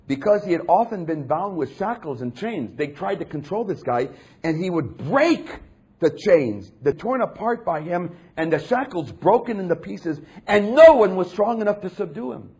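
A man preaching a sermon with a husky, slightly breathy voice. His pitch rises and falls widely as he shifts from low, hushed phrases to loud, emphatic passages.

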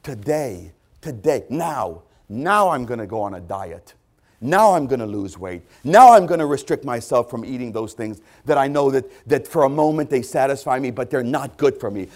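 Emphatic preacher man, hushed to loud. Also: mid-range voice, expressive, moderate pace. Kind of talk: sermon.

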